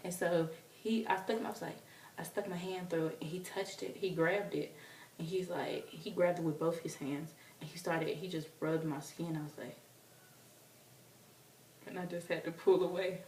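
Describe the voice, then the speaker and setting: Young woman, casual storytelling vlog, animated, roomy echo, faint hiss. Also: lowish voice, normal speed, recorded from a distance. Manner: animated, acts out quotes in squealing voices. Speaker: vlogger. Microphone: camera mic from a distance.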